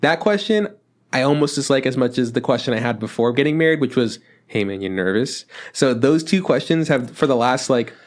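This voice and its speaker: A man's voice: medium pitch, a little fast. A man co-hosting a podcast in casual chat, rambling with lots of fillers, restarts and swearing. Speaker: podcast co-host.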